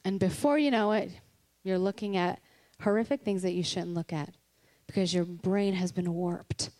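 A woman's voice: fairly low pitch, moderate pace, warm tone. A woman giving a candid, conversational Christian sermon, earnest and personal, with laughs between her points. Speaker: Christian speaker.

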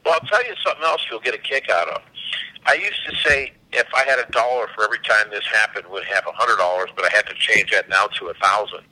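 A man, a company CEO and podcast guest, telling animated anecdotes and acting out the dialogue. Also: fairly low pitch, fast talker, rough recording. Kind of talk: casual storytelling.

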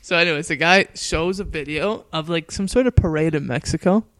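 A man's voice: a little high, fairly quick, fairly bright tone, no room sound. Young male co-host, easygoing and laughing, dry studio mic. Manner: laid-back, laughs often, frequent "yeah". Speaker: podcast co-host. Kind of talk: casual chat. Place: recording studio.

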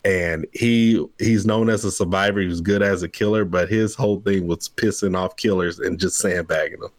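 A man co-hosting a casual gaming podcast, talking in an excitable, rambling way. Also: low-pitched, moderate pace, no echo. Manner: excitable, rambling gamer talk. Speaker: podcast co-host. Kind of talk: casual chat.

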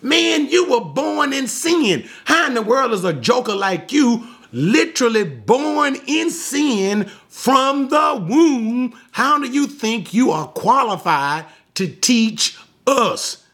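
A man putting on a crowd of sneering, indignant elders, pitched well above his own voice, hurling slangy put-downs and swooping up and down with contempt. They talk down to their target with mocking scorn. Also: very animated, slow pace, gravelly, sharp tone, full character voice. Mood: scornful. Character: scornful male religious leaders, contemptuous and indignant.

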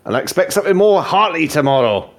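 A man puts on a weathered elf sea captain, a woman who orders her crew about in a voice pitched above his own. She is hesitant with guests and curt with her cook. Soft music hums underneath. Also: animated, quick pace. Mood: bossy.

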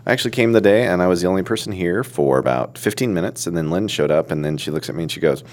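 A man co-hosting a podcast in casual, jokey banter, chiming in with quick responses. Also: low-pitched, animated. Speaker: podcast co-host. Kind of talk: casual chat.

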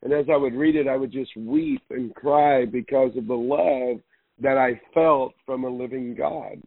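A man in his fifties or older, a pastor giving an earnest, halting testimony in a radio interview, often repeating words. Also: medium pitch, husky, no room sound. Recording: phone-line radio sound.

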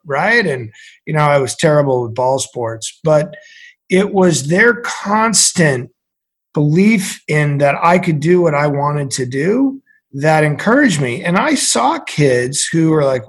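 A middle-aged man from central Massachusetts, a podcast guest telling a story in an animated way. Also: on the high side, measured pace, husky. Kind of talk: storytelling conversation.

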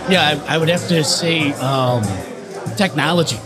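A middle-aged man and barbering educator telling stories in a straightforward, animated way on a panel. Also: on the high side, normal speed. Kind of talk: panel discussion. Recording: music and crowd behind.

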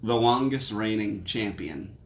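A man's voice: on the low side, a little slow, roomy sound, slight background noise. A man co-hosting a combat sports podcast, talking casually and laughing often as he rambles through his stories. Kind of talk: casual chat.

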